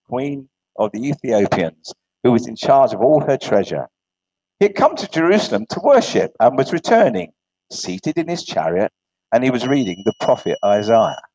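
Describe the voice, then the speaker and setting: Lively preacher, chatty and animated. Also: male voice, mid-range voice, no echo. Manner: animated, chatty storyteller who stumbles and corrects himself. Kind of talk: informal sermon with joke and scripture reading. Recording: dull lo-fi recording.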